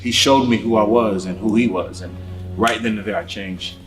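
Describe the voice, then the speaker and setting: Man, pastor, low voice, animated storytelling, faint music behind. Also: moderate pace. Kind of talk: casual church talk show.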